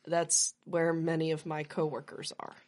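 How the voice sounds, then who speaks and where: A woman voices a flustered scholar of a ruined magic academy in a tabletop game, hesitant and earnest. She speaks a little slower and softer than her narration, stumbling over words. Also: deep voice, monotone.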